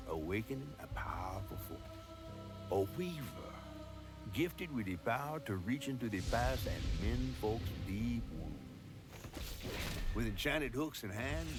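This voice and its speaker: A folksy storyteller. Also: male voice, mid-range voice. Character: folksy male Southern storyteller narrating a tale. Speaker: game narrator. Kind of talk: scripted folktale narration. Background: game music.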